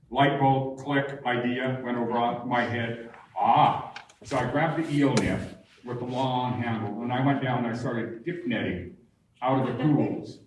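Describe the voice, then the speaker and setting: An older man tells stories to an audience, unhurried and humorous. His voice comes from well off the mic and rings around a very echoey barn hall. A faint noise runs underneath. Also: medium pitch, far from the mic. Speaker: guest speaker at a public talk. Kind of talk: storytelling talk.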